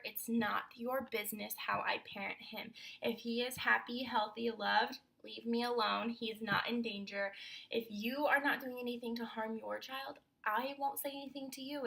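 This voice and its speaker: A woman's voice: on the high side, vocal fry, pushed and bright, poor audio. A young adult woman, a mom, venting in a casual vlog monologue in an emphatic, frustrated way. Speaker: mom vlogger.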